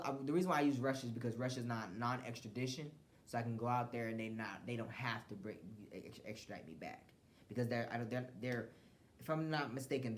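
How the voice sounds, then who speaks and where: A man's voice: mid-range voice, a bit bright. A man from the United States hosting a solo podcast, giving blunt, profane commentary with frequent restarts. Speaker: podcast host.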